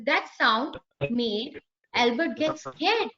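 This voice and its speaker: Lady teaching online, high bright voice, playful, kinda dull audio. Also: takes it slowly, noisy background. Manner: lively, playful, acts out sounds and voices. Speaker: teacher trainer. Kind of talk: live online lecture.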